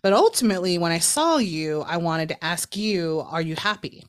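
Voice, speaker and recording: Low-voiced woman hosting a podcast. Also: lively intonation, moderate pace. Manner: friendly, playful questions. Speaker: podcast host. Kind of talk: casual podcast interview.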